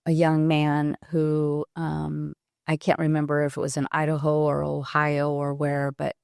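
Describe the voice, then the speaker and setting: A woman in her sixties, a podcast guest, telling a personal story in a halting, reflective way with pauses and restarts. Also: low voice, monotone, creaky, a little mellow, clean tone, no echo, studio quality.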